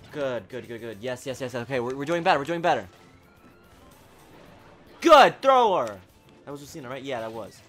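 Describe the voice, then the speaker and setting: A man giving excitable live commentary while playing a video game, talking at the screen and swinging from low mutters to sudden shouts. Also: very fast, hardly any pauses, faint music behind. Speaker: gaming channel host.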